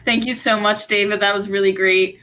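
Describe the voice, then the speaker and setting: Upbeat woman hosting a webinar, crisp bright voice. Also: mid-range voice, little pitch movement, fairly quick. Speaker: event moderator.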